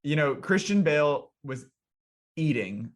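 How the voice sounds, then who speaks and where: A man's voice: a little high, lively intonation, measured pace. A man co-hosting a film talk show in casual chat, adding side notes and retelling anecdotes. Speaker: co-host, film reviewer.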